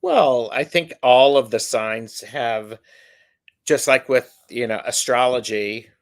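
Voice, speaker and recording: A man co-hosting a livestream, answering in a measured, agreeable way and chiming in with short replies. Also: mid-range voice. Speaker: livestream co-host. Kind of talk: casual live chat.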